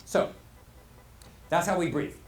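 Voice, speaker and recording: A man teaching a live workshop as a voice coach, animated and demonstrative, asking his audience questions. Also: high-pitched, slow pace. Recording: roomy echo, faint hall ambience.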